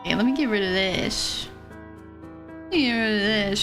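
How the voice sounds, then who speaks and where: A woman's voice: mid-range voice, unhurried, long pauses, fairly bright tone, faint music behind. A young woman streamer chatting casually and rambling, laughing often as she talks. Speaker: vtuber streamer. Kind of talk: casual chat.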